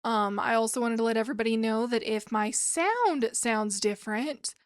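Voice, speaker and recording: Brief: chatty woman host of a book podcast, talking casually with a light, fairly high voice, dry sound. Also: moderate pace, no room sound. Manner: chatty, with asides and restarts. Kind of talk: casual podcast chat about classic literature. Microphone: new microphones.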